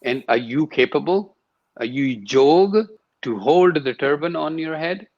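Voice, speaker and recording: An emphatic yoga and sound teacher speaks as an interview guest, repeating words to reinforce his points. His voice is a little high and darkish in tone, he talks a little slowly, and the audio is lo-fi.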